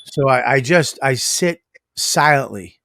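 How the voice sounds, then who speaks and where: A man's voice: mid-range voice, expressive, takes it slowly, creaky, sharp tone, no echo. A man co-hosting a podcast, telling stories in a boisterous, profane way. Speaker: podcast co-host. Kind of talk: casual chat.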